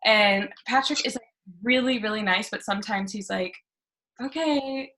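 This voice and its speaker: Performing comedy over a video call from home, a young woman speaks at a moderate pace in a bright, forceful voice of middling pitch. She pokes fun at herself and often cracks up at her own jokes, picked up by her webcam.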